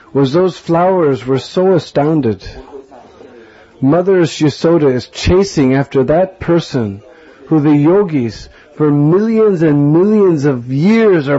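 A man giving a sermon as an animated storyteller who often chuckles. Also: high voice, lo-fi sound. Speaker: spiritual teacher.

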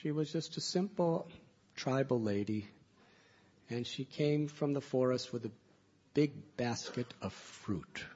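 Slow, gravelly-voiced man telling a sacred story. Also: mid-range voice, lively intonation, muffled recording. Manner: slow, soft-spoken, drawn-out phrasing. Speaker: spiritual teacher. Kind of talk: devotional storytelling talk.

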